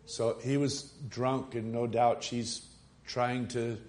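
A man preaching a sermon, retelling a story and asking his congregation rhetorical questions, moving from quiet reflection to rising, emphatic appeals. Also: medium pitch, little pitch movement, slow.

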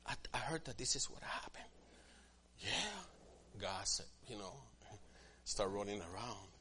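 A man preaching a sermon as pastor, swinging from quiet asides to loud, emphatic passages and acting out what church members say. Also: lowish voice, big pitch swings, a little slow, a little hiss or hum. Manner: acts out quoted church members in different voices.

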